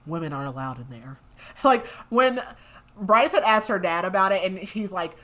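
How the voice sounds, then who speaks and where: A young woman co-hosting a podcast, recapping a fantasy novel in a casual, chatty way, full of "like" fillers and quick laughs. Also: medium pitch, lively intonation, fairly bright tone. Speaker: podcast co-host.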